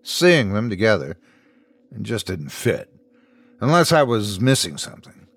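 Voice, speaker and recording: A man's voice: on the low side, measured pace, dry recording. A man narrating a scripted horror story as host, in a dry, close recording. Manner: storytelling, expressive.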